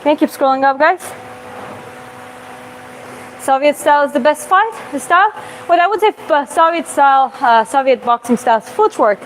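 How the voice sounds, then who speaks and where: A woman boxing coach answers viewers' questions live while demonstrating punch combinations on a bag in a gym, explaining casually and marking each punch with quick "boom" sounds. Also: slight background noise, low-quality recording.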